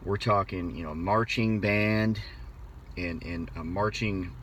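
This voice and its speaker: An American man telling a personal story in a casual, animated way, often restarting his phrases. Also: deep voice, slow pace, slight background noise. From United States. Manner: animated, conversational, with frequent restarts. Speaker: motivational speaker.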